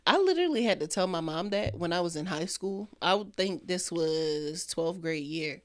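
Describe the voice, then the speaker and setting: Soft-spoken young woman podcast co-host. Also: fairly low pitch, normal speed. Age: young adult. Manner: soft-spoken, calm storyteller. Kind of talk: casual chat.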